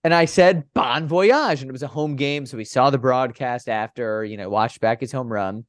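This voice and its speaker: A young man, a baseball broadcaster, telling stories in a casual podcast interview and breaking into big, animated play calls. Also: a little fast, clean tone, dry recording, clean studio sound. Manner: animated, acts out his home run calls with big pitch jumps.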